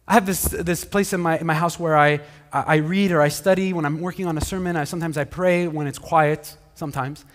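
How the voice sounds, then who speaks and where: A male pastor preaching a conversational sermon, animated, with frequent restarts. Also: fairly high pitch, brisk. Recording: hall reverb.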